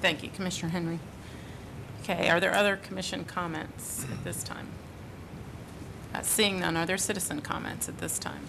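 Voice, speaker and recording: A woman serving as mayor, chairing a council meeting in a measured, hesitant way. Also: on the low side, vocal fry, noisy background. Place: city commission chamber.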